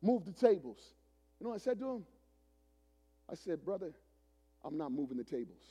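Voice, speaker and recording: A man in his forties preaching a sermon as a pastor, telling a story dramatically, swinging from loud preaching to hushed retelling. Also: a little high, big pitch swings, a little fast, breathy edge. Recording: long hall reverb.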